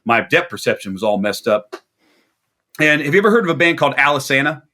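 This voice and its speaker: A man's voice: mid-range voice, quick pace. A man guest on a video interview, telling a long rambling story and acting out the people in it. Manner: rambling anecdotal storyteller, animated quoting. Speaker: musician guest.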